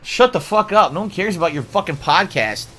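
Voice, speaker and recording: A man's voice: sits high, animated, brisk, fairly bright tone, a little hiss or hum. A middle-aged man on a livestream, reading viewer suggestions aloud and answering them in an irritated, mocking rant. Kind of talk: livestream commentary.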